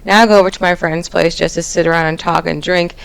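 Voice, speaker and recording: Young woman hosting a chill story chat, low gravelly voice, jokey, keeps restarting. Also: steady tone, fast talker, rough recording. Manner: chatty, joking, with frequent restarts. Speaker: host. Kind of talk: casual chat reading online stories.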